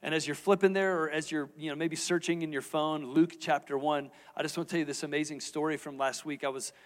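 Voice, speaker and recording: Middle aged pastor guy preaching, chatty and honest, kinda high voice, echoey church hall. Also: steady tone, fast talker. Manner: candid, conversational, asks the audience questions. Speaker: lead pastor. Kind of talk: sermon. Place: church auditorium stage.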